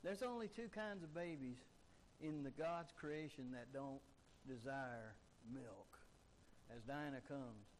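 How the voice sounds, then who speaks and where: A man's voice: medium pitch, slow, slight background noise, poor audio. A man preaching a sermon emphatically, driving his points home with repeated rhetorical questions. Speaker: pastor.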